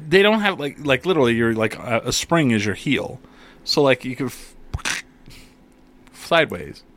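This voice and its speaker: A man co-hosting a casual chat, animated and profane, telling stories. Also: mid-range voice, normal speed. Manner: animated, swears, tells stories. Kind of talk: casual banter.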